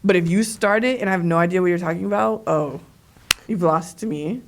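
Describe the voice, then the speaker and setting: A woman, a dancer and choreographer, chatting casually as an interview guest, with lots of "like" fillers and animated quoting. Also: fairly low pitch, a little fast, noisy background.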